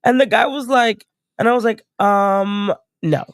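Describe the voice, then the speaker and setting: A woman's voice: a little high, fairly quick, no echo. A young woman chatting casually as a stream guest, blunt and profane, still getting over a cold. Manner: blunt, profane, animated storytelling. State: recovering from a cold. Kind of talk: casual chat.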